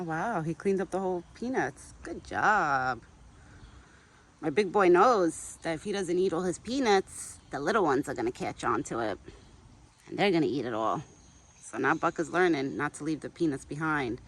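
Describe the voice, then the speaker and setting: A woman's voice: low-pitched, fairly bright tone. A woman vlogging outdoors in a yard, chatting casually and baby-talking to a deer she feeds. She grew up speaking Italian. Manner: coos and baby-talks to the animals. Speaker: vlogger feeding a wild deer. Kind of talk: casual outdoor vlog chat.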